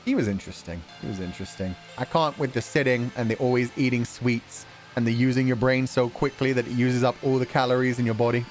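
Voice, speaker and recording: A young British man hosting a relaxed stream chat, reading viewer donations, laughing often and swearing casually. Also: mid-range voice, quick pace, few pauses, faint music behind. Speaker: streamer host.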